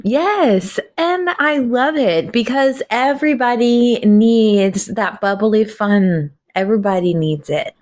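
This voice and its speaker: A woman's voice: fairly high pitch, slow pace, few pauses. A woman hosting a podcast, interviewing an author and agreeing readily. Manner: warm, agreeable, frequent affirming murmurs. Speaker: podcast host.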